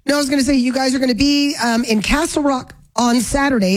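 A woman hosting a talk radio show, chatting briskly and correcting herself mid-sentence. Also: high-pitched, poor audio. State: hiccups. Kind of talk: casual talk radio chat.

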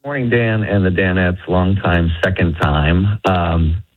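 A man's voice: low voice, measured pace. A man calling in to a radio show, rambling and hesitant as he tells his story. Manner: meandering, hesitant with fillers. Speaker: caller. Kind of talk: rambling phone-in call. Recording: tinny phone line.

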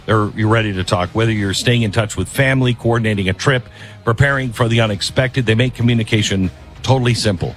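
Over soft background music, a man with a lowish voice talks fast as he hosts a political talk radio show. He reads an ad emphatically and conversationally, frequently breaking off to restart his sentences.

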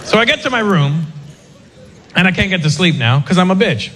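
A man doing a stand-up comedy set, telling a story with lively put-on voices. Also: high voice, fairly quick, long pauses, background noise. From North America.

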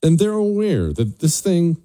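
A man's voice: on the high side, very animated, unhurried, dark tone. A male talk show host giving an emphatic, scornful political monologue, repeating his points for stress.

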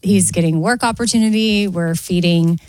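A woman co-hosting a casual talk show, chatty and quick to laugh. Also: fairly low pitch, darkish tone, no echo, low-quality recording. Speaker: co-host. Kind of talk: casual chat.

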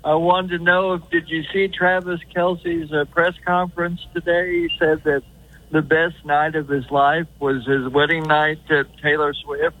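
A man from the Kansas City area calling in as a regular to a sports talk show, rambling and halting, repeating himself. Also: fairly high pitch, little pitch movement. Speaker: regular caller. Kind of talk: phone-in call. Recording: tinny phone line.

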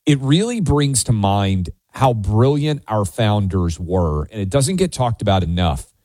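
A man's voice: on the low side, expressive, darkish tone, no echo. A man co-hosts a talk radio show, chatty and enthusiastic in casual political talk. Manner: chatty, fast-talking, enthusiastic.

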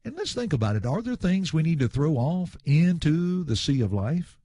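Recorded dry with clean studio sound, this slightly high male voice at normal speed explains a scripture passage one verse at a time. His preaching is emphatic and lively, repeating refrains and calling the audience friends.

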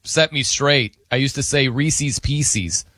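A man's voice: mid-range voice, slow, sharp tone, no echo. A middle-aged man hosting a radio show in casual chat, laughing often and mimicking how people say words.

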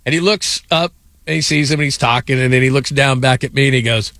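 A man's voice: a little high, sing-song, normal speed, gravelly, pauses often, very noisy. Rambling middle-aged sports radio man. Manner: rambling storyteller, lots of fillers and laughs. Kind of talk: casual sports talk.

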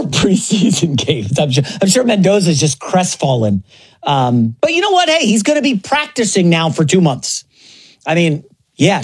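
A man's voice: on the high side, breathy edge. A man hosting a sports talk show, giving opinionated, sarcastic commentary. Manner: sarcastic, animated, mocks others in put-on voices.

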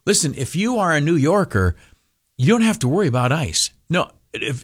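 A man hosting a talk radio show, sarcastic and rambling, stumbling over fillers and restarts. His voice sits a little high for a man. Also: sing-song, normal speed, breathy edge. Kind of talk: political talk radio commentary.

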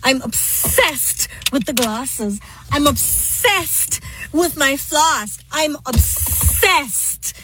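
A woman's voice: high voice, lively intonation, over music, full character voice. A woman doing a bubbly Gen Z girl with uptalk. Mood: gushing. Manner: uptalk, slang-heavy, breathy drawn-out phrases.

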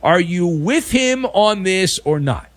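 A man hosting a daily sports talk show, delivering sarcastic, mocking commentary with animated emphasis. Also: high voice, slow, dry recording.

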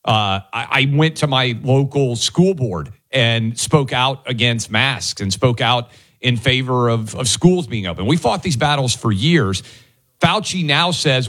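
A man's voice: mid-range voice, measured pace, a bit bright. A middle-aged man co-hosting a talk radio show, building an indignant argument in a conversational way. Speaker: radio co-host.

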